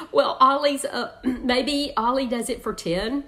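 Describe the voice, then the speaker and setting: A woman's voice: on the high side, fairly even intonation, moderate pace, hardly any pauses, fairly bright tone. A woman teaching an online parenting class, chatty, laughing often and reading out viewers' comments.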